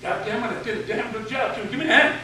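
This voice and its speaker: Speaking fast, a high-voiced retired teacher in his seventies gives a speech in a large hall, spinning a humorous, folksy story for a room full of students. He sounds far from the mic in a very echoey space, with clear background noise beneath his voice.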